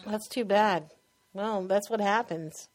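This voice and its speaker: A woman with a New York accent co-hosting a casual chat about TV shows, chatty and quick to laugh. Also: mid-range voice. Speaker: podcast co-host.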